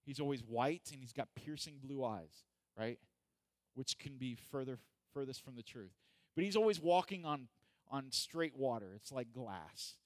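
A man's voice: medium pitch, normal speed, dry recording. A man preaching a casual, joking sermon who acts out the people in the story. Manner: animated, joking, acts out voices. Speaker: pastor. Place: church hall.

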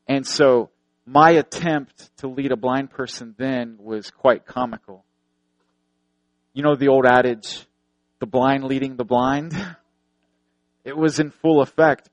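A man's voice: on the high side, no echo, low-quality recording. A man preaching a sermon, earnest, repeating phrases for emphasis and telling stories.

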